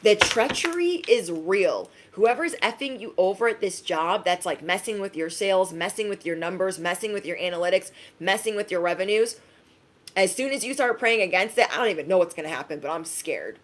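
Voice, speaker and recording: A woman giving a casual, emphatic live-stream reading, chatty and quick to laugh. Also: mid-range voice, animated. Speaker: tarot reader.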